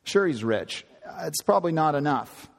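A man preaching a sermon, retelling a scripture story with lively acted-out voices. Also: on the high side, moderate pace, creaky, big-room sound. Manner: animated storytelling, acting out quoted voices.

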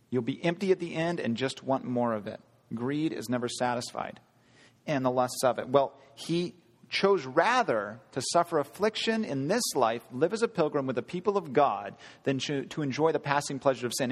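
A man preaching a sermon, earnest, asking the congregation rhetorical questions and slowing down for emphasis. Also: medium pitch, in a large hall. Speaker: pastor.

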